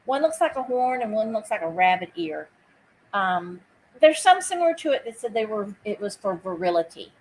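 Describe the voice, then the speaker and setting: A woman's voice: mid-range voice, sing-song, normal speed, a little hiss or hum, rough recording. A woman hosting a live online vintage sale. She chats casually, greets viewers by name while she takes bids, and drops easy asides. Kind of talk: live-stream auction chat.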